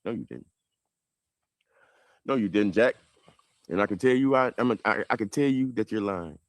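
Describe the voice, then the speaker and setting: A man with a Southern American accent telling a heated family story on a livestream, rambling and swinging between loud and quiet. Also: on the low side, expressive, normal speed, no echo. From southern United States. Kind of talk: animated livestream monologue.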